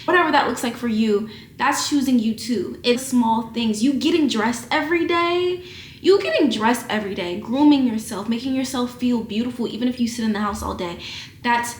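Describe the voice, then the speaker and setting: A woman's voice: a little high, roomy sound, slight background noise. Candid young woman giving a pep talk. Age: 20s. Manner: candid, emotional big-sister pep talk with casual swearing. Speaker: vlogger. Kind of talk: casual chat to camera. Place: at home, indoors.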